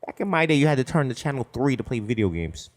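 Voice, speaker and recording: A man's voice: medium pitch, very animated, fast talker. A man, co-hosting a comedy podcast with dry, wisecracking banter. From the Bronx, New York. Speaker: podcast co-host.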